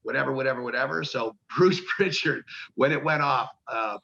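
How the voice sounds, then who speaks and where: A man's voice: medium pitch, moderate pace, gravelly, sharp tone, lo-fi sound. A man, a pro wrestler, telling rambling, profane stories in a casual interview and acting out the voices of people he quotes.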